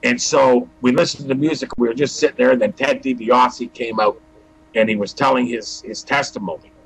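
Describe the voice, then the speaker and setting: Here is a man with a husky, slightly rough voice, pitched in the middle range for a man. He tells a personal testimony in a storytelling style. He keeps switching into "I go, he goes" to replay old talks. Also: steady tone, a little fast, poor audio. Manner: acts out dialogue with "I go, he goes". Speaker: guest giving testimony.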